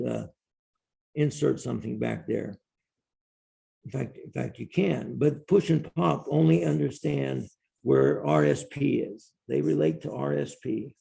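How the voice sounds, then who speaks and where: Male professor, gravelly, dark-toned, classroom lecture, step-by-step explanations. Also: on the high side. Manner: explains step by step, repeating key terms. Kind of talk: university lecture.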